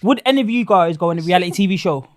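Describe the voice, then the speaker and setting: Man; lively, bouncy delivery, playful questions, dry studio sound. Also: high voice, racing, no echo. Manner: animated, teasing, asks the group questions. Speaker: podcast co-host. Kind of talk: casual banter.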